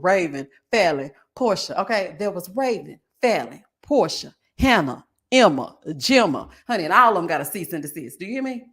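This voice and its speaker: A woman in her forties hosting a live stream, chatting casually with her viewers and reading their comments aloud, sassy and animated, laughing often. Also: mid-range voice. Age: 40s. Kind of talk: casual chat.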